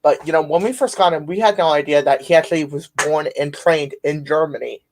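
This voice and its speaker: A man's voice: fairly high pitch, fairly quick, a little hiss or hum. A man hosting a podcast, telling stories in a rambling casual way with many fillers. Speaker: podcast host. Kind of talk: casual conversation.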